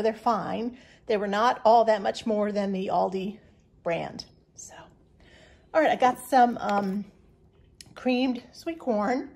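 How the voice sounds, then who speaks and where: Woman in her 60s, husky, slightly high voice, chatty grocery haul host. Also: darkish tone. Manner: chatty, homey, rambling with fillers. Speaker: channel host. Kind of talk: casual grocery haul vlog. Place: farmhouse kitchen.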